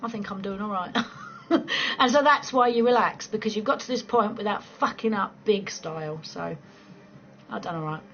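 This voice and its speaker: A woman's voice: mid-range voice, moderate pace, a bit bright, highs cut off, slight background noise. Sweary, laughing woman in her forties. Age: 40s. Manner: sweary, laughing, playful banter. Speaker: livestream host chatting with viewers. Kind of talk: casual late-night livestream chat. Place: at home late at night.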